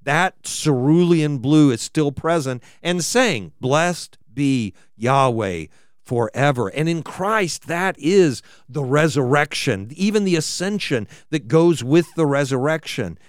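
Expressive male preacher, lively pitch. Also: unhurried, hardly any pauses, clear, resonant tone, no echo, studio quality. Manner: expressive, rising and falling as he reads scripture aloud. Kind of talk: sermon.

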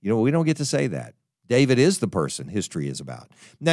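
Animated preacher with lively pitch. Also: male voice, quick pace, dry recording, clean studio sound. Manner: animated, emphatic, with stumbles and restarts. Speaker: pastor. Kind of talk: sermon.

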